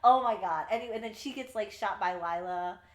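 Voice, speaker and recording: A woman co-hosting a podcast, chatting casually about a book, animated and swearing as she acts out the characters' lines. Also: mid-range voice, moderate pace, reverberant, slight background noise. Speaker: podcast co-host. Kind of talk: casual book review chat.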